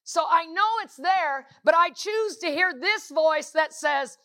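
Woman preacher, high voice, bright tone, emphatic, repeats herself, rhetorical questions, sermon. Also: slow pace.

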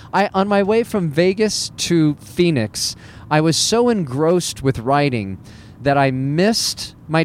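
A man's voice: fairly high pitch, slight background noise. A man who works as a stand-up comedian, talking in a casual, self-deprecating monologue with wry laughs.

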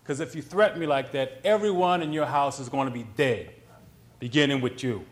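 A man voicing a hot-tempered young muscular tough with a Brooklyn accent, shouting threats. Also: a little fast, lightly acted. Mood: angry threatening. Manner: loud, high-pitched shouting threats.

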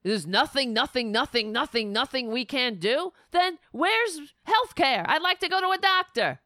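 A woman hosting a political talk show, tired and sleepy, sliding into sarcastic, animated rants. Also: sits high, normal speed, no echo, clean studio sound. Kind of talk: casual political commentary.

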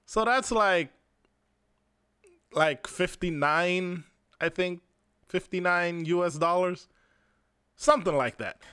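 A man's voice: high-pitched, slow, pauses often, bright, forceful tone, clean tone, no room sound, clean studio sound. A young Jamaican man hosting a podcast, telling a personal story in a casual, rambling, profane way and speaking straight to his listeners. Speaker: podcast host.

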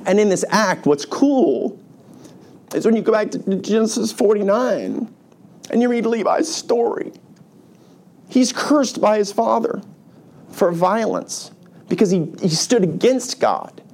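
A pastor preaching a sermon to his congregation, who tells the story in a lively, casual way and acts out the characters' voices. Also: sits high, measured pace. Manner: animated, colloquial storytelling with acted-out voices.

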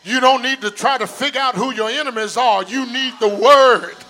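A man's voice: very high voice, moderate pace, pushed and bright. An older male pastor preaching in an old-school hollering style, calling on the congregation to answer back. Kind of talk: sermon.

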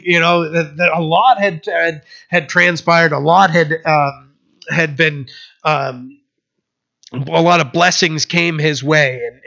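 A man's voice: a little high, sharp tone. A male pastor giving an informal, conversational Bible teaching sermon, retelling scripture scenes in everyday speech. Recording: slightly muffled lo-fi recording.

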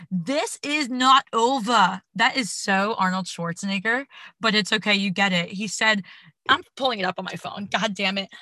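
Woman, young adult, podcast host, casual chat, dramatic reactions, bright tense voice. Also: mid-range voice, no room sound. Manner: chatty, dramatic reactions, slangy.

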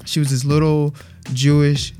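A man in casual podcast chat, telling lively stories and putting on voices. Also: a little high, normal speed. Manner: animated storyteller, mimics voices with laughs. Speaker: podcast guest.

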